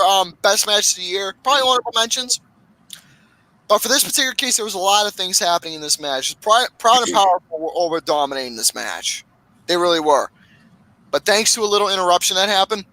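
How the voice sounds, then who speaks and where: A man hosting a casual podcast, recapping wrestling matches with lots of swearing and excitement. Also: high voice, no room sound, poor audio. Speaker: podcast host.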